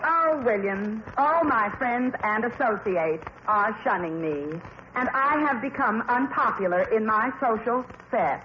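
A melodramatic young wife who sobs and gushes over her troubles. Her voice sits a little high and swoops widely, and she takes her time. It sounds like an old, dull radio recording with roomy echo and hiss. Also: animated, unhurried. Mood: gushing. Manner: sobbing, melodramatic, gushing. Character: weepy young wife in an advertising comic strip. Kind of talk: 1940s radio acting.

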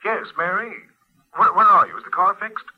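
A man's voice: high-pitched, steady tone, moderate pace. An actor playing a nervous, stammering young man on the telephone in a 1940s radio soap, in an old lo-fi broadcast. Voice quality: stammering, flustered.

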